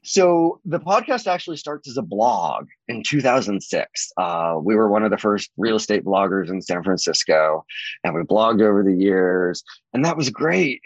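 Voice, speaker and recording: A man's voice: no echo, dull audio. A man, a real estate agent, talking casually in an interview, rambling with many fillers. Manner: rambling, many fillers, lively swings in pitch.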